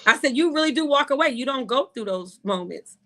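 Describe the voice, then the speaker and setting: Brash, high, bright-voiced woman. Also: brisk, a little hiss or hum. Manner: brash, profane, animated storytelling. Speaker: podcast host. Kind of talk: casual chat.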